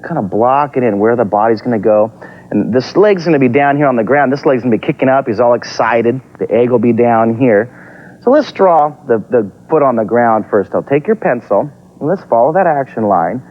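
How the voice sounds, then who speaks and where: A man hosting a TV drawing lesson for children, talking upbeat and encouraging as he sketches step by step. Heard from a dull, lo-fi copy of a TV broadcast. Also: mid-range voice. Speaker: TV drawing teacher and host.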